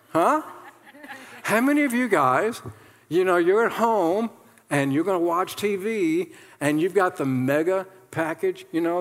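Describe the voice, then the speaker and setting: A man's voice: high-pitched, fairly bright tone. A pastor preaching a conversational sermon who acts out the complainers he quotes. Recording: long hall reverb.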